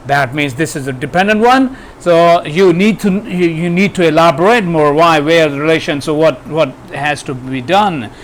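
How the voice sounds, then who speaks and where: A man's voice: on the high side, moderate pace, few pauses, a little hiss or hum. A man teaching grammar, hesitant, with many fillers and restarts. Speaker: English teacher. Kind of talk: grammar lesson.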